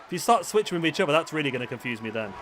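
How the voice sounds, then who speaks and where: Racing along with big pitch swings in a fairly high voice, a young man live-streams a wrestling game. His casual chat and commentary to viewers is self-mocking, and loud game crowd and background noise fill the recording.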